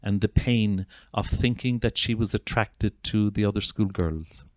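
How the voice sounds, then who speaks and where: In a fairly low voice with fairly even intonation, an Irish psychotherapist speaks at a measured pace, introducing a video in an informal talk to an audience. He's earnest and heartfelt, with frequent restarts, and the recording is dry.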